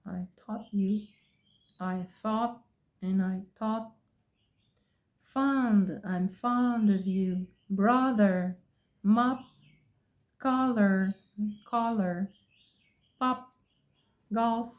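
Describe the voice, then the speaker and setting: Woman phonics teacher, very slow and deliberate, drawing out vowels, dull lo-fi recording. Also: medium pitch. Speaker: English pronunciation teacher. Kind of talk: phonics lesson, repeating example words. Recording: dull, slightly lo-fi sound.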